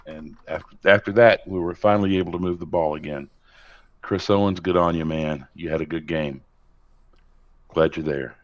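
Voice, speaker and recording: A man co-hosting a sports podcast in casual chat, telling animated stories with chuckles. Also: deep voice, normal speed. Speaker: podcast co-host. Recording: slightly dull, muffled sound.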